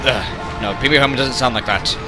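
A young man giving rambling, excitable gameplay commentary, often yelling in frustration. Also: mid-range voice, fast, a crowd in the background. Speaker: let's play gamer. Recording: commentary over loud game music. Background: game music.

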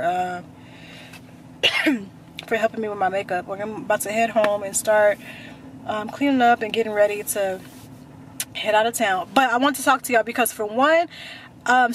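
A woman's voice: mid-range voice, a little hiss or hum. A young woman vlogging casually, chatty and repetitive, talking straight to her viewers. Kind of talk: casual chat to camera.

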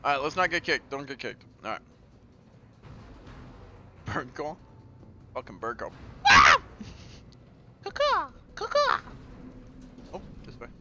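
A man streaming a game and commenting live, excitable and profane, playfully taunting enemies and talking to his chat. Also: medium pitch, normal speed, long pauses, dull audio, a little hiss or hum.

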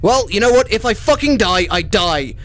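High, animated man gaming. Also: moderate pace. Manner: chatty, swearing, panicky shrieks; talks to monsters in a mock bro voice. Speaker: gaming YouTuber. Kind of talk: comedic VR horror let's play.

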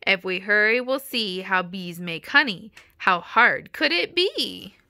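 A woman's voice: mid-range voice, expressive, measured pace, bright, forceful tone, smooth, no echo. A woman voicing a polite, curious young boy in a children's storybook read-aloud.

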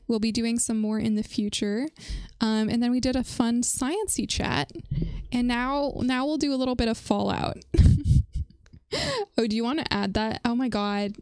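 A woman's voice: fairly high pitch, steady tone, normal speed, a little mellow, smooth, no room sound. A woman hosting a casual livestream chat, answering chat messages and laughing often as she talks. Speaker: livestream host.

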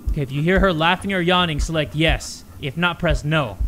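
A young man commentating a horror game playthrough, yelling and cursing at scares, then chatting casually about the game. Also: on the high side, brisk, hardly any pauses, soft background music. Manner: excitable, yells and swears at scares. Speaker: gaming YouTuber. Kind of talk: let's play commentary.

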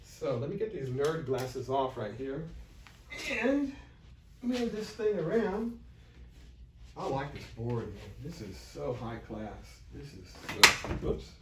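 A man recording an unscripted video pitch for his marketing offer, rambling and restarting often, blunt and pushy. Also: sing-song, slow pace, bright, forceful tone, echoey room, far from the mic, a little hiss or hum. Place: room, filming himself beside a board.

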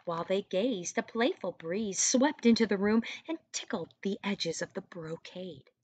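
A woman teacher reading a storybook aloud to young children, pausing to ask them questions in soft, hushed asides. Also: medium pitch, no room sound.

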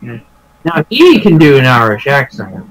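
Young guy, mid-pitched, rambling profane gaming banter. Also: huge pitch swings, slow, poor audio. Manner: swears a lot, joking, rambling. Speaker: let's play co-commentator. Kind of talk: casual gaming commentary.

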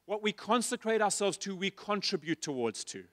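A man preaching a sermon as pastor, passionately asking the congregation repeated questions and dropping to quiet asides. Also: very animated, moderate pace, no echo. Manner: shifts between loud emphasis and soft, low asides. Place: church stage.

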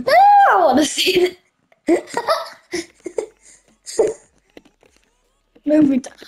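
A young woman giving chatty, giggly commentary while playing a video game, easily excited and laughing often. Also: high-pitched, poor audio. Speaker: gamer. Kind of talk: casual gameplay commentary.

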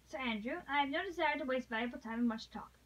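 A woman's voice: sits high, fast, distant mic, poor audio. A woman voicing a desperate noblewoman who pleads earnestly for her husband's life. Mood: calm resolve. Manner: earnest, urgent, rising to passion.

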